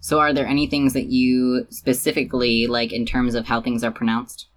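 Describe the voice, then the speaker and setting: A woman with a remarkably deep voice hosts a relaxed educational podcast. She explains ideas patiently and sometimes draws words out slowly to show how they sound. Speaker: podcast host. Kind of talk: casual educational chat.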